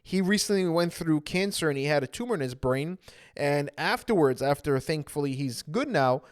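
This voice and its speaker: A man's voice: a little high, expressive, moderate pace, no room sound, studio quality. A young man, an anxiety coach, earnestly telling his own story to viewers and repeating phrases for emphasis.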